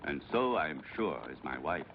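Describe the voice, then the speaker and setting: An actor playing a calm, controlling aristocratic husband in dubbed film dialogue, smooth and patronizing. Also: male voice, a bass voice, normal speed, slight background noise. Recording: dull old film soundtrack.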